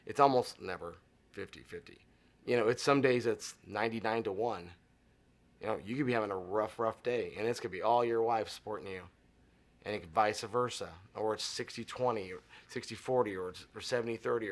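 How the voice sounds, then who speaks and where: A man's voice: lowish voice, brisk. A middle-aged man from Arizona, a guest in an interview, telling stories in casual chat and acting out the voices in them. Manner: animated storyteller acting out dialogue.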